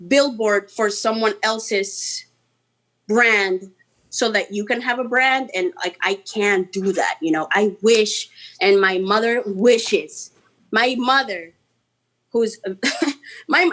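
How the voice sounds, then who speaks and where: A Colombian woman musician, a guest in a casual interview, talking in an animated, chatty way with playful, mocking asides. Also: a little high. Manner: animated and chatty, full of "like" and "you know".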